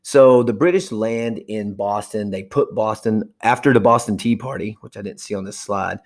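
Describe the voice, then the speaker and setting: Casual low-voiced history teacher. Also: male voice. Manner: chatty, acts out historical figures in quick asides. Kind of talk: casual classroom lecture.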